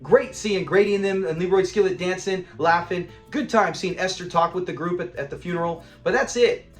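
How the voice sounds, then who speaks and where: A man casually reviewing a classic sitcom episode, animated and laughing often as he acts out scenes. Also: high-pitched, a little fast, roomy sound, faint music behind. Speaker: show reviewer.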